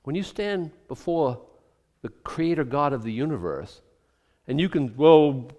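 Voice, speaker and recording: Chatty preacher, slightly high voice. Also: male voice, big pitch swings, measured pace, darkish tone, big-room sound. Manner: conversational, jokey, many restarts and asides. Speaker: pastor. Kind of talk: sermon.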